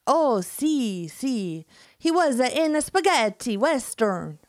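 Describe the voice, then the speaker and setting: A woman voicing an excitable young Italian man with a hammed-up put-on Italian accent and a sing-song, broken delivery. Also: extremely high pitch, slow, no room sound, studio quality, pitched above the performer's own voice, full character voice. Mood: proud. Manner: exaggerated sing-song, dropped articles.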